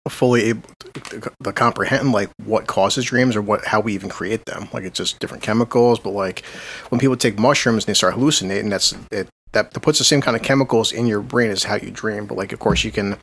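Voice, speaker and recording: A man's voice: on the low side, brisk, fairly bright tone. A man co-hosting a casual podcast, rambling with lots of restarts and swearing. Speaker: podcast co-host.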